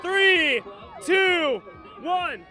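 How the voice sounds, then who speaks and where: A man with a very high voice hosts a sideline sports segment at a high school football game, full of energy and shouting to fire up the fans. A loud crowd cheers and music plays behind him outdoors. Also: very slow. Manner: energetic hype, shouts catchphrases, eggs on the crowd. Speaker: sports show host.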